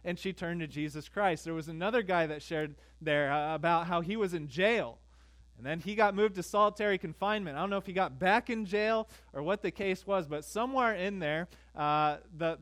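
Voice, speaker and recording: A man's voice: sits high, fairly bright tone. Chatty pastor, light male voice. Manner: conversational, quizzing the congregation with frequent fillers. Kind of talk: sermon.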